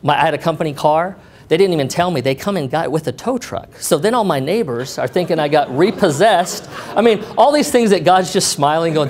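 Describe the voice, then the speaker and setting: A middle-aged man giving a personal testimony to an audience, telling his story in an animated way and acting out what people said to him. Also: on the high side, a little fast. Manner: animated retelling, acting out quoted dialogue.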